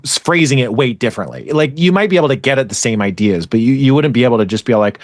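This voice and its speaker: A man's voice: medium pitch, lively intonation, fast, dry recording. Rambling podcast guy, dry close sound. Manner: rambling, restarts often, swears casually. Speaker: podcast host. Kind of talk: casual chat about an anime.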